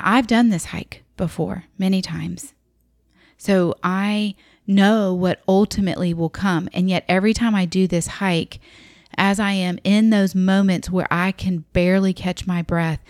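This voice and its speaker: Woman, lowish voice, dry close sound, reflective and vivid storyteller. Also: fairly even intonation, measured pace, darkish tone, no room sound. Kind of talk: personal storytelling talk.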